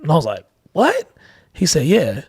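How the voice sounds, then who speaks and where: At a moderate pace and with a fairly high pitch, a dad on a podcast shares frank, heartfelt stories about raising kids, full of fillers such as "like" and acted-out quoted voices. The casual talk is recorded with clean studio sound and no echo.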